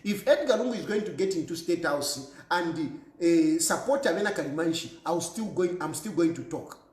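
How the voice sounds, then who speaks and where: In an echoey room, a man with a slightly high, expressive voice talks at a moderate pace. His Zambian-accented political commentary is emphatic and repetitive, blending English with Bemba and punctuated by lots of laughing.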